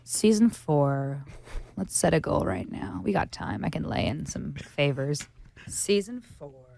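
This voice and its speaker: A woman in her twenties, a guest actress in a casual chat, telling jokey stories with laughs and quick voices for the people in them. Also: deep voice, sing-song, creaky, dark tone, no echo. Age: 20s. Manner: jokey, laughing, acts out other people's lines.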